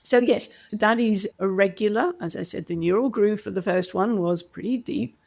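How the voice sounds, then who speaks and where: A middle-aged British communication coach tells stories in a podcast interview, her mid-range voice carrying vocal fry at a moderate pace. She's an animated storyteller who acts out the voices of people she quotes.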